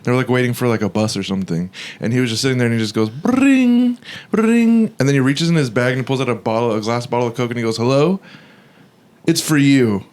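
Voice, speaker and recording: A man's voice: medium pitch, fairly even intonation, rapid-fire, few pauses. A man in casual podcast chat, telling stories in a dry, laid-back way. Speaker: podcast guest.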